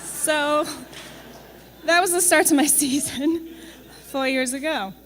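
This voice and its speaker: A woman's voice: high-pitched, takes it slowly, a bit bright. A young woman giving a conversational presentation to an audience as a campus farm manager. She is chatty and wry, with frequent ums and tag questions. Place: large event hall. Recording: long reverb of a large event hall.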